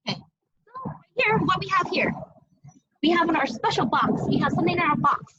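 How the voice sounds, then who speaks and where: A woman's voice: sits high, fairly quick, bright, forceful tone, dull audio, slight background noise. A young woman teacher cooking at home while teaching small children, talking in a playful sing-song way and making animal sounds.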